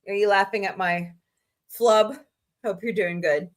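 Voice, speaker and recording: A woman's voice: mid-range voice, steady tone, a little slow. A woman from Missouri hosting a casual live stream, chatty and rambling with frank asides to her viewers. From Missouri, USA. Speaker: livestream host.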